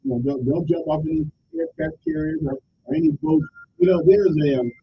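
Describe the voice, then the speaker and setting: A man's voice: fairly quick, vocal fry. A middle-aged man, hosting a radio talk show in a joking, rambling monologue. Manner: joking, rambling, animated delivery. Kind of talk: casual call-in radio monologue. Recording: dull lo-fi radio sound with faint rumble.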